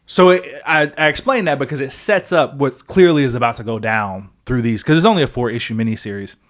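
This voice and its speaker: A young man with an ordinary mid-range voice chats on a podcast. He rambles through a story excitedly, stacking fillers and the odd swear word, like a buddy catching a friend up. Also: medium pitch, brisk. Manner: excited, rambling retelling with many fillers and profanity. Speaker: podcast co-host. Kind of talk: casual podcast chat.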